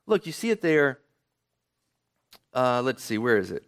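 A man's voice: mid-range voice, very animated, a little slow, a bit bright. A man preaching a sermon as a pastor, speaking conversationally and often checking in with rhetorical questions.

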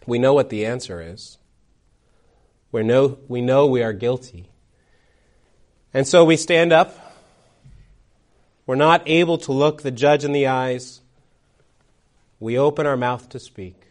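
A man preaching a sermon, telling a courtroom story dramatically, swinging between loud and hushed. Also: mid-range voice, a little slow, long pauses.

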